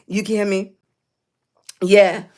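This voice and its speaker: A middle-aged woman, hosting a casual livestream and greeting viewers warmly as baby and sweetie, hoarse and clearing her throat from a cough. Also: medium pitch, little pitch movement, very slow. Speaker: livestream host.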